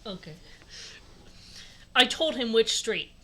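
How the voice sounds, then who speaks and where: Bright-voiced woman reading aloud. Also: fairly high pitch, sing-song, takes it slowly, a little hiss or hum. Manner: sarcastic, laughing asides between read lines. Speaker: host reading a fan fiction aloud. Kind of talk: comedic read-aloud with banter.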